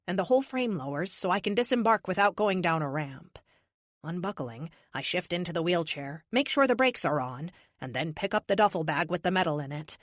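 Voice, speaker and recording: A woman's voice: on the low side, no echo, clean studio sound. Woman narrating a first-person audiobook. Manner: wry, sarcastic first-person storytelling.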